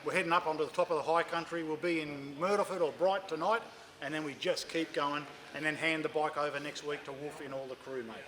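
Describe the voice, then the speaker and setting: A man's voice: fairly high pitch, steady tone, fast, fairly bright tone, a little hiss or hum. An Australian man, a motorcycle magazine editor, bantering casually on location, jokey and chatty, ending lines with "mate". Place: motorcycle dealership.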